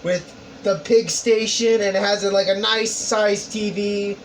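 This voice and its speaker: A co-host chiming in with crude, joking interjections during a casual story pitch. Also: steady tone, measured pace. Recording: distant mic, faint noise.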